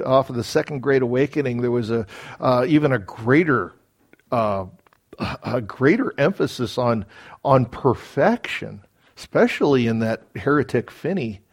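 A man preaching a sermon as pastor, earnest and building to emphatic peaks, with casual asides. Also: medium pitch. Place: church.

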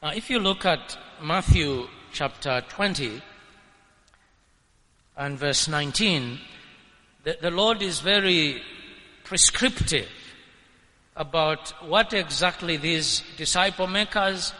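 Male preacher, bright high voice, deliberate and emphatic sermon delivery. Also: lively intonation. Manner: emphatic, rising to shouts at peaks. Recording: long hall reverb.

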